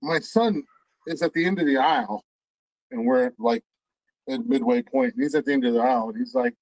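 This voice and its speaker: A man's voice: on the high side, big pitch swings, fairly quick, gravelly, dry recording, rough recording. A middle-aged man telling rambling stories in casual chat, stammering through restarts and swearing freely.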